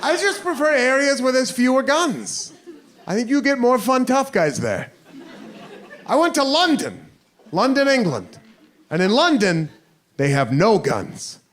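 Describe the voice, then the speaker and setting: A man from the United States performing a stand-up comedy set with animated storytelling in a live comedy venue. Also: extremely high pitch, a little slow. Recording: noisy live crowd laughter.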